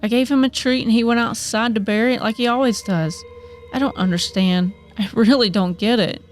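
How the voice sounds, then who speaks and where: A woman's voice: on the high side, a little fast, slight background noise, close to an everyday voice. A woman voicing a fiery young wife who talks bluntly and swears. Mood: grieving.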